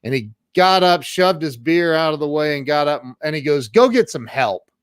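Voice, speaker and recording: A middle-aged man, a guest on an interview show, telling a personal story casually, rambling with many restarts and turning animated when he quotes others. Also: fairly high pitch, fairly quick, clear, resonant tone, dry recording, clean studio sound. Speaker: guest, social media marketing coach.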